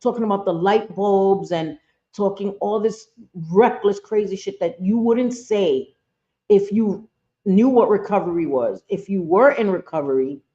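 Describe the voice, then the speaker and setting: A woman's voice: medium pitch, warm tone. A woman on a live stream talking bluntly and heatedly to her chat, often swearing as she comments. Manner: talks straight to viewers and chat. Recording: dull lo-fi stream audio.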